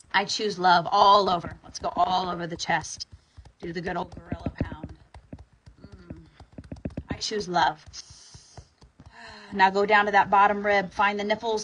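A woman with a bright, breathy voice leads a guided tapping session in a relaxed, informal way. She sighs out loud on the exhales and sometimes leans hard on a phrase for emphasis. Her pitch sits in an ordinary middle range. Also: poor audio. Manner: soothing, sighing, informal with bursts of emphasis.

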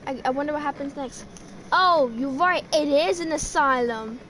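A woman's voice: high voice, normal speed, a bit bright, slight background noise. A woman giving live commentary on a horror game, jumpy and stammering, full of exclamations. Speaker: gamer streaming a horror ride.

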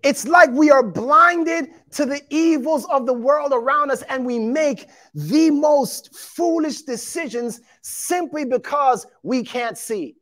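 A man preaching a sermon to his congregation, animated and emphatic, acting out quotes and calling out to the listeners. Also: very high-pitched, slow pace, hardly any pauses. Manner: addresses congregation as beloved and y'all.

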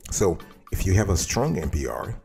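A man's voice: sits low, big pitch swings, normal speed, gravelly, darkish tone, soft background music. A man hosting a financial advice tutorial, speaking emphatically and addressing the viewer directly. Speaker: host giving financial advice.

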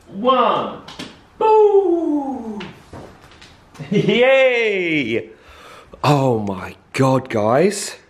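A young man filming a casual vlog in his flat, gushing and excitable as he talks to viewers. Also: medium pitch, recorded from a distance. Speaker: vlogger. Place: flat, indoors. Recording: echoey room.

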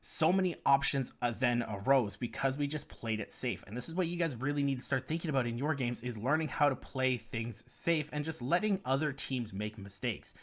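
A man's voice: medium pitch, fairly quick, few pauses. A young man commentating over gameplay footage, explaining strategy to viewers in a guide. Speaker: gaming guide creator.

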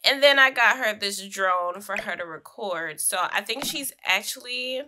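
Bright-voiced chatty young woman gaming. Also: mid-range voice, expressive, a little slow. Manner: chatty, laughs often, slangy asides. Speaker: gaming streamer. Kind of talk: casual Sims gameplay commentary.

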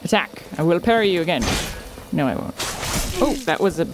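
A woman's voice: fairly low pitch, expressive, a little fast, noisy background. A woman casually commenting on her own video game play, chatting to the enemies and exclaiming at close calls. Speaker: gamer streamer.

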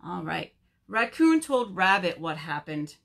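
Animated woman reading to children. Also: fairly low pitch, creaky. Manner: animated, slow, talks to children. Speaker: children's librarian. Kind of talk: virtual story time reading.

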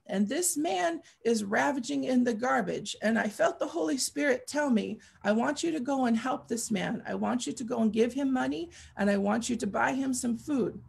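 A woman with a high, heavily gravelly voice preaches through a personal testimony. Her husky delivery is earnest and repetitive, and she presses her points with fervent pleading. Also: lively intonation, moderate pace, hardly any pauses. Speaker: guest speaker.

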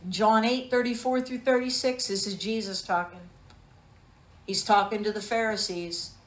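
A woman's voice: mid-range voice, steady tone, normal speed, roomy sound. A woman preaching a sermon with emphatic rhetorical questions, calling her listeners for an amen.

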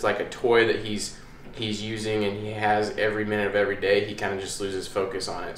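A man with a lowish, fairly bright voice, a dog trainer and channel host, presents a casual how-to video indoors at home by a hallway. He talks in an easygoing, rambling way full of fillers, and the room is echoey with faint background noise.

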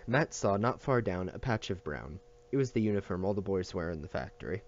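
A man reading a novel aloud at a steady pace, with small slips and restarts. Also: low-pitched, a little fast, muffled recording. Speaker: audiobook reader.

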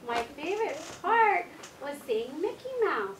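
High-voiced teacher in an echoey classroom. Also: female voice, big pitch swings. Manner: slow, clear instructions to children. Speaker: first grade teacher. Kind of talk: classroom lesson. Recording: echoey classroom, distant mic, noisy.

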